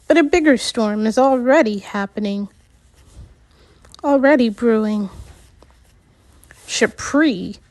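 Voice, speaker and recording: A woman narrating a first-person novel in a high voice. She reads slowly and stops to redo words, so it sounds unpolished. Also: darkish tone, no room sound. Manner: unpolished reading with slips and retakes. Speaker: audiobook narrator.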